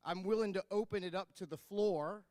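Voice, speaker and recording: A man's voice: high-pitched, normal speed, a little mellow, dry recording. A man moderating a conference panel in a wry way, opening it up to questions from the floor.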